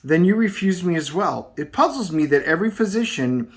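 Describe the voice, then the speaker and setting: A man's voice: high-pitched, lively intonation, a little fast. A man reading the lines of a weary, proud old swordsman aloud in a plain voice while reviewing a comic.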